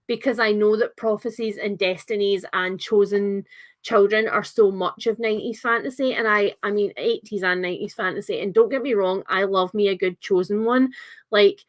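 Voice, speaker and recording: Young adult woman, book stream host: chatty, enthusiastic, filler-heavy, mid-pitched. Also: steady tone, moderate pace. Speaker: book club livestream host. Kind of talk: casual livestream book discussion.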